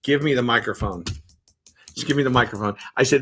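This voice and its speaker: A man chatting casually on a live stream, telling stories with playful, animated energy. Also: mid-range voice, brisk, faint music behind. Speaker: show regular and guest voice actor.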